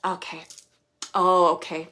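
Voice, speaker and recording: Soft-spoken woman medium, searching and hesitant. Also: on the low side, flat delivery, slow pace. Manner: hesitant, searching, many fillers and restarts; drops to soft, near-whispered asides. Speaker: psychic medium host. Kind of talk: live mediumship reading, relaying spirit messages.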